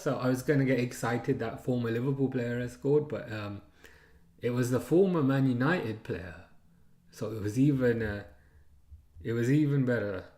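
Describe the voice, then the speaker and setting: A man's voice: mid-range voice, dark tone, roomy sound. Chatty man streaming a football watchalong. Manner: chatty, laughs often, reads viewer comments aloud. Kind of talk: live football watchalong chat.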